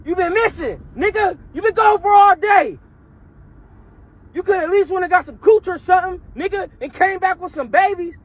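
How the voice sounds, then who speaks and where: Man, strained high voice, nonstop cursing rant, hollering from his car. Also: normal speed, lo-fi sound. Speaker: dog owner in a viral video. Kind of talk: profane rant.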